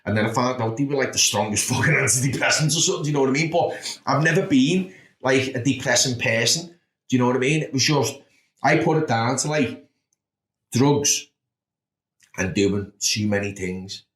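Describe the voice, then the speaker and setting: A Liverpool-accented man in his thirties, appearing as a podcast guest, tells candid, blunt, sweary stories about his past and keeps dropping "do you know what I mean". His voice is medium-pitched and fairly bright, at a normal speed. The recording has a roomy echo.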